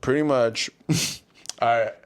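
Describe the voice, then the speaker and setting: A young man co-hosting a podcast, chatting casually and rambling through loose, animated stories. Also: medium pitch, very slow, clear, resonant tone. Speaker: podcast co-host. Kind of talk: casual chat.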